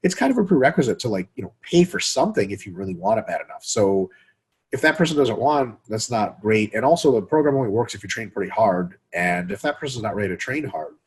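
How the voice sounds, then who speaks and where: A man hosting a casual fitness podcast, profane and animated, often acting out other people's voices. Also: lowish voice, fast talker, husky. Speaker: podcast host.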